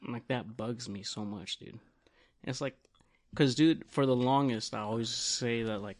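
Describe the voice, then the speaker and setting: A man's voice: on the low side, steady tone, moderate pace. A man in casual podcast chat, laid-back and profane, acting out little remembered conversations.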